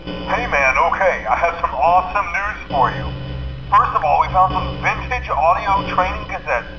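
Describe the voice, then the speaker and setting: A man's voice: high-pitched, animated, normal speed, loud music behind the voice, poor audio. An actor playing a chatty male night-shift manager who leaves stammering, casual recorded messages. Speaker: game character leaving phone messages. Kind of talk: recorded game voice lines.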